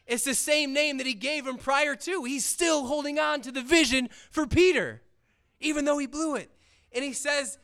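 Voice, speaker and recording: A man's voice: extremely high pitch, normal speed, a bit bright. A man giving an earnest, conversational sermon to teens, retelling scripture in everyday words.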